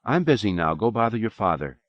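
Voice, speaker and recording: A man reading the lines of a sardonic middle-aged woman, a nurse who drinks, in a dry, flat, low delivery, on a dull lo-fi cassette recording. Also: brisk, dry recording.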